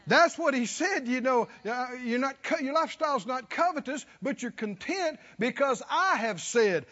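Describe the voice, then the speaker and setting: A man's voice: very high-pitched, lively intonation, moderate pace, few pauses, pushed and bright, big-room sound. A man preaching a sermon, folksy and chuckling, calling out to his listeners to respond. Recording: dull lo-fi recording.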